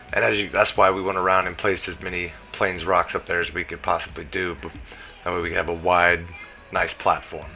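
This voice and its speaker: Low and creaky with a sharp edge, this man's voice carries a Southern US accent. He narrates a game building tutorial in a relaxed, chatty way, tossing in lots of "you know" asides as the guide's creator.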